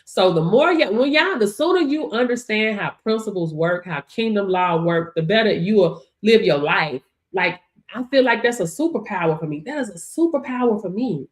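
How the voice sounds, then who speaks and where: Lively, preachy woman hosting a stream. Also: mid-range voice, moderate pace, few pauses. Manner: animated and preachy, laughs often, addresses viewers directly. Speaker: livestream host. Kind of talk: motivational livestream talk.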